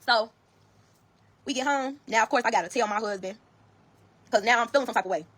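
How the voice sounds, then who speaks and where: A woman's voice: fairly high pitch, fairly quick, husky. A woman with a Chicago accent telling a story to viewers, blunt and profane, acting out the dialogue. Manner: blunt, profane, animated retelling with quoted dialogue.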